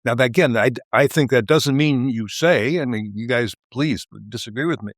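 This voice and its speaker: A man's voice: mid-range voice, normal speed, no echo. A man with a mid-range voice hosts a policy discussion. He explains his points in a conversational way and openly invites his guests to push back. The recording is dry and close. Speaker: podcast host.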